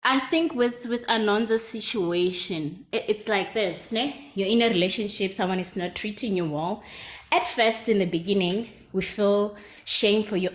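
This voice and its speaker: A chatty woman caller, speaking in an animated way. She slips local words into her as she talks it through. Her pitch is mid-range for a woman. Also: normal speed. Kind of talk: live stream call-in.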